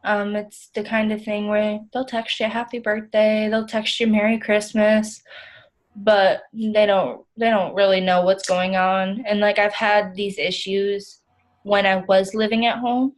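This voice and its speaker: A woman's voice: medium pitch, flat delivery, a little slow, natural voice, poor audio. A young woman playing an overwhelmed, self-critical counseling client, rambling with many "like" fillers in a role-play. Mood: weary, frustrated.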